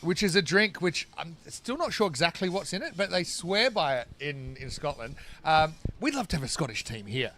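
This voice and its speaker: A man's voice: fairly high pitch, sing-song, normal speed, few pauses, fairly bright tone. A man from Australia commentating live cricket, chatting between balls and breaking off to call the play. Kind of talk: live sports commentary and chat.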